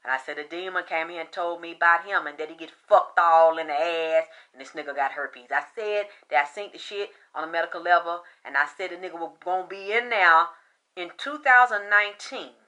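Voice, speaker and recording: A woman's voice: fairly low pitch, a little fast, bright, forceful tone. A woman who works as a psychic reader, delivering a blunt, profane, emphatic unscripted rant. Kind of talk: unscripted ranting monologue.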